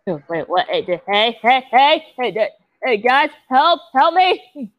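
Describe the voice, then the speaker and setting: A man's voice: fairly even intonation, a little fast, lo-fi sound, lightly acted. A man voicing a frightened young character who has been kidnapped, talking in a frantic, pleading way. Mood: panicked. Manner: frantic, pleading, high-strung.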